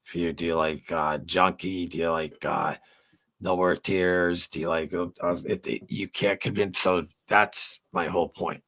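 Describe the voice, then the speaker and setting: Low gravelly-voiced man, rambling livestream chat. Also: steady tone, a little slow, fairly bright tone. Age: middle-aged. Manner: rambling, many fillers, swears freely. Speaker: livestream host. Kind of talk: casual livestream chat with viewers.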